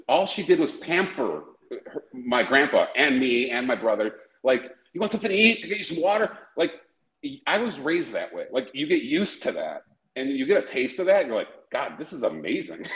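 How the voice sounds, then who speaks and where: A man's voice: mid-range voice, a bit bright, roomy sound, poor audio. A man hosting a podcast in casual chat, profane and rambling, often breaking into laughter. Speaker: podcast host.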